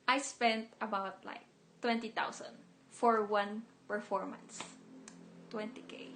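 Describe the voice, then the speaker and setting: A woman's voice: fairly high pitch, slight background noise. A young woman idol talking casually on a livestream, emotional and rambling, repeating words and mixing in some Tagalog.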